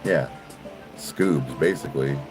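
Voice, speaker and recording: A man's voice: rumbling low, takes it slowly, over music, low-quality recording. A man chatting casually in a vlog, talking to the camera and to his dogs. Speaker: vlogger.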